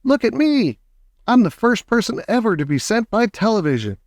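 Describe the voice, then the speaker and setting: A man voicing a bratty little boy in an audiobook, with a squeaky, whiny delivery. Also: very animated, normal speed, no room sound, clean studio sound. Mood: cocky. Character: small boy, bratty and shrill. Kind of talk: audiobook character voice.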